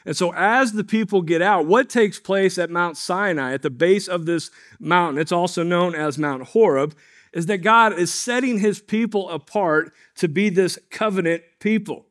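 Man, pastor, sermon, somewhat high voice, conversational storytelling. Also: normal speed, fairly bright tone. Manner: storytelling, conversational, addresses congregation.

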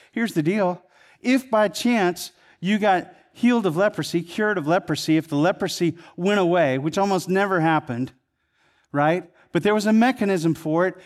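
A man preaching a sermon in a conversational way, building to emphatic peaks and then dropping low. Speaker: pastor.

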